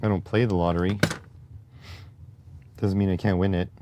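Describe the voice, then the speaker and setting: A man's voice: sits low, steady tone, moderate pace, dark tone, a little hiss or hum. A man hosting a casual livestream, talking in a rambling, wry, conversational way and answering his chat. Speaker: livestream host.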